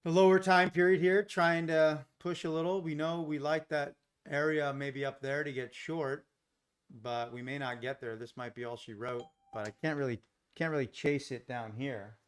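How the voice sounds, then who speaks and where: A man from Los Angeles hosting a live day-trading stream, chatting casually with viewers in a relaxed, rambling way and chuckling often. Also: fairly high pitch, normal speed, smooth. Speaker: day trading livestream host. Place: home trading setup.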